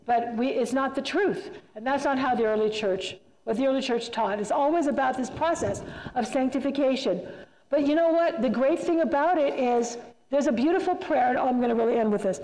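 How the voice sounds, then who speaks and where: In a church hall thick with long reverb, a woman delivers a retreat talk to a church group. Her voice is high-pitched with a darkish tone, and she talks fairly quickly, emphatic and conversational, often repeating herself for emphasis.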